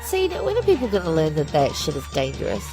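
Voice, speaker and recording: A woman's voice: low-pitched, wildly swooping pitch, quick pace, music in the background. Teasing woman co-hosting a podcast. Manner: teasing, exasperated at bad jokes, swears freely. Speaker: podcast co-host. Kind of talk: casual comedy podcast chat.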